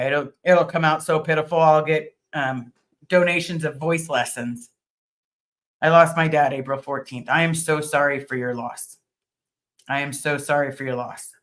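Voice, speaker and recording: A middle-aged woman hosts a casual livestream, reading viewers' comments aloud and answering earnestly and gratefully, with frequent ums. Her voice sits low but has a fairly bright tone.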